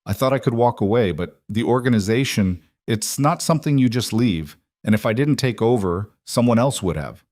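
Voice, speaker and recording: A man voicing a guarded, brooding young mafia boss in a measured storybook read. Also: mid-range voice, expressive, a little mellow, dry recording, clean studio sound, close to an everyday voice.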